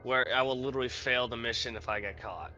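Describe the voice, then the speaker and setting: A man player at a tabletop session talks about video games in a blunt, emphatic way. His voice is bright and forceful. The audio is dull and lo-fi, with faint music behind him. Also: medium pitch, fast.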